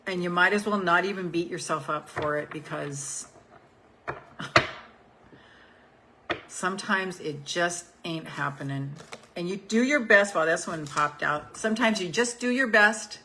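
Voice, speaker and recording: A woman's voice: lowish voice, a little slow, long pauses, sharp tone, a little hiss or hum, poor audio. A woman in her seventies, a life coach, talking casually on a group call and reading affirmation cards, frank and given to repeating her points. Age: 70s. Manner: frank, swears freely, repeats phrases for emphasis.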